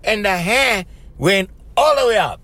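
A man with a Hawaiian Pidgin English accent, hosting a podcast and telling a story in an animated, casual way, repeating himself and calling the listener "bro.". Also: sits high, measured pace, no echo. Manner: animated, repetitive, with frequent laughs and "bro". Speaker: podcast host.

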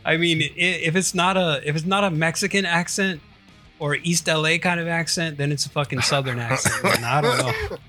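A man's voice: fairly high pitch, moderate pace, bright, forceful tone, faint music behind. A man co-hosting a podcast, easygoing and laughing often in loose, swearing chat. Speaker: podcast co-host. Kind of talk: casual profane chat.

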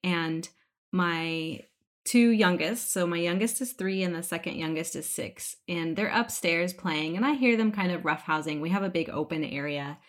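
A woman in her thirties, a birth doula co-hosting a podcast, telling a family story in casual chat with animated delivery and laughter. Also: fairly low pitch, normal speed.

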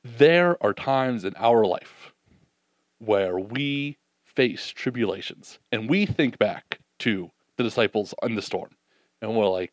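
Reading from scripture, a preacher with a fairly low voice dramatizes the disciples' doubts with animation, then eases into a quiet, slow, reflective tone. The recording has no echo.

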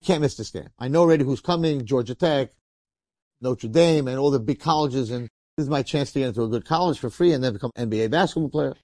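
A man, a rabbi, telling a story in a sermon in a lively, conversational way, acting out the people in it. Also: mid-range voice, quick pace, no echo, studio quality. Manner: animated, conversational, acts out quotes.

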